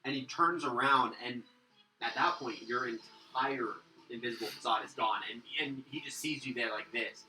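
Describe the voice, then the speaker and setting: A man narrating a tabletop game as game master, animated and storytelling. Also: medium pitch, normal speed, soft background music. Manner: animated storyteller, acts out monsters. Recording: roomy, distant mic.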